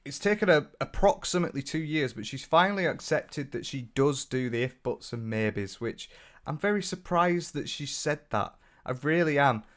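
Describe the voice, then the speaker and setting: A young British man, a commentary YouTuber, speaks at normal speed with a fairly high, animated voice. His casual reaction commentary is blunt and sweary, mocking his subject and reading viewer comments aloud.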